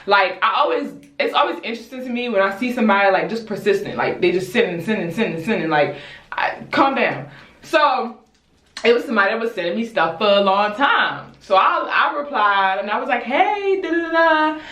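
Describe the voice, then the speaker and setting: A young woman from Baltimore tells wild stories while fixing her hair, dramatic and blunt, swearing as she goes. Her voice sits at an ordinary middle pitch. The camera mic picks her up from a few feet off, in a room with plenty of echo. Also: brisk. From Baltimore, USA. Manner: animated, dramatic, blunt, swears freely, talks to viewers as y'all. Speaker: YouTuber. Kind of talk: casual storytime chat while doing her hair. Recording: roomy echo, distant mic.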